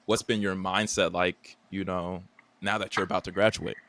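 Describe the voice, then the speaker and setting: A young man in his twenties hosting a casual interview, relaxed and slangy, rambling through his questions with restarts. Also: deep voice, moderate pace, dry recording. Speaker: podcast host.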